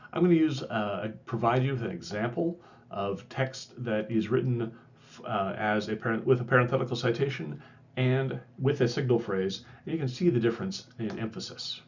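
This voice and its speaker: Male lecturer, mid-range voice, casual and wry, slightly muffled lo-fi recording. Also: medium pitch. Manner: conversational, self-correcting, wry asides. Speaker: instructor.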